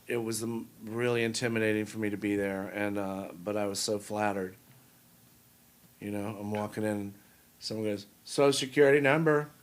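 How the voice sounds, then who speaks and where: Older guy comic, lowish voice, quiet storyteller who does everybody's voices in his stories. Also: flat delivery, normal speed. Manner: soft-spoken storyteller, acts out quoted voices. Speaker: guest comedian and impressionist. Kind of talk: casual storytelling interview. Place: studio talk set.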